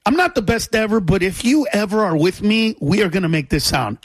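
A man with a high, husky voice holds court as a comedian guest on a radio show. He tells his story excitably, bursting into shouts and laughter, close to a studio mic in a dry booth. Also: a little fast, no room sound.

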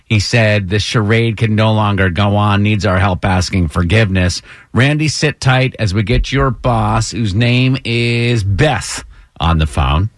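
A man's voice: fairly low pitch, measured pace, dry recording, clean studio sound. A man hosting a morning radio show, bantering playfully with a caller and his co-host. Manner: playful, joking. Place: radio studio.

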